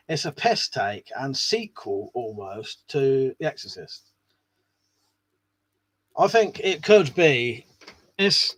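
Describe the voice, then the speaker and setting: A man's voice: a little high, no echo. A man hosting a casual live stream, chatting to viewers in a rambling way and swearing now and then. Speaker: live stream host reading chat.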